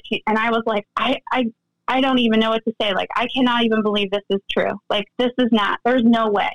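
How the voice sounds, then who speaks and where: A woman tells a personal story in an unhurried conversational interview. Her voice sits fairly high, and she slips into the voices of the people she quotes. The sound is dry and close, with no room around it. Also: no room sound, muffled recording. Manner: animated, acts out quoted dialogue. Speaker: guest, friend recounting events.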